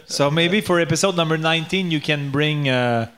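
A man whose first language is French, co-hosting a podcast in casual chat and often halting to search for English words. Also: fairly high pitch, fairly bright tone. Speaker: podcast co-host.

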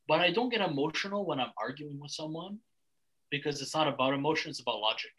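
A man's voice: a little high, expressive, quick pace, a bit bright, husky, rough recording. A young man from Canada hosting a casual podcast chat, blunt and rambling, swearing freely with lots of restarts. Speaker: podcast host.

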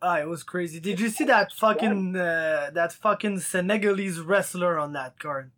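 A man's voice: sits high, moderate pace, fairly bright tone. A man hosting a podcast, chatting in a loose, sweary, laid-back way. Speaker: podcast host. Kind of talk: casual chat with a guest.

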